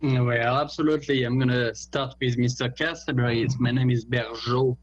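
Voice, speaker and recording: A man's voice: medium pitch, fairly even intonation, brisk, no room sound, dull audio. A man with a French accent, a teacher and tennis coach, speaking modestly and with emphatic praise on a video call. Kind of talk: casual remarks on a video call.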